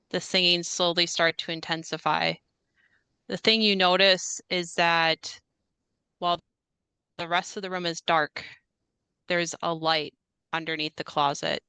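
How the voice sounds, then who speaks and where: A young woman narrates a tabletop horror game as game master, taking her time and pausing on fillers. Her voice is bright and crisp. The sound is dry and close. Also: on the low side, no echo. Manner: slow, measured narration with hesitant fillers.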